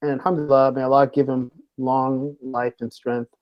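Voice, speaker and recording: Halting man on a dull video call. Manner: hesitant, many fillers, lively pitch. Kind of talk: casual group chat over video call.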